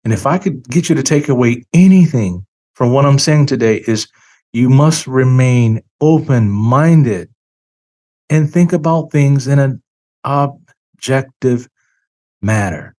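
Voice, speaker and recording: A man's voice: mid-range voice, expressive, dark tone. A man hosting a finance channel, talking in an opinionated monologue and leaning hard on key words, a little tired. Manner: emphatic, drawn-out stresses on key words.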